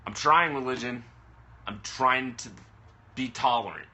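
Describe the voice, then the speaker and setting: A man's voice: medium pitch, a little slow, sharp tone. A man ranting on a live stream, frustrated and swearing heavily as he talks to the camera. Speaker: vlogger. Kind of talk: angry live-stream rant. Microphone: camera mic. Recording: phone or webcam live stream.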